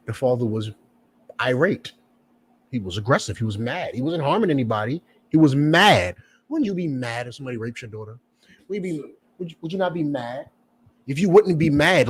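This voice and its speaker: A preacher and teacher delivers a fiery, profane lecture, repeating his points and putting questions straight to his listeners. His voice sits at a medium pitch with lively intonation and a moderate pace, over a little hiss or hum. He comes across as emphatic and repetitive.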